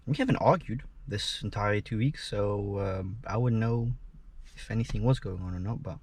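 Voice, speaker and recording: A man's voice: fairly low pitch, moderate pace, darkish tone, a little hiss or hum. A young man chatting casually to his camera from inside a car, rambling and swearing freely. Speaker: vlogger. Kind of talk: casual vlog chat. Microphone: GoPro camera.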